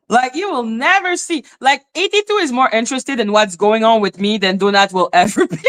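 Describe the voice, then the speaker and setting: Woman host, blunt profane live-stream rant, fairly high voice. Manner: blunt, profane, swings between flat mutters and high exclaims. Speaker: livestream host.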